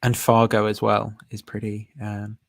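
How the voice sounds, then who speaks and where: Low-pitched and creaky, this man speaks unhurriedly with a completely flat delivery, recorded dry. He hosts a casual livestream, rambling, thinking aloud, using frequent fillers and laughing at his own jokes.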